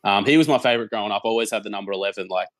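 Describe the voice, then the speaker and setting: A young man with an Australian accent and a fairly low voice chats easily as a podcast guest. He tells stories with plenty of energy, trips over and repeats words, and laughs along the way. The sound is dry and close, with little room around it. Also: very fast, dry recording. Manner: animated storyteller, laughs often, stumbles and repeats words. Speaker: guest, football content creator. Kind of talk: casual podcast chat.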